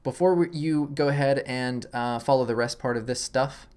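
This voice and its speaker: A man walks through a software tutorial in a loose, chatty way, narrating each click as he goes. He sounds relaxed and pokes fun at himself when something goes wrong. He records from a desk mic at home. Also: mid-range voice, moderate pace, clean tone. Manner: relaxed, self-deprecating, thinks aloud while clicking. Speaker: tutorial host.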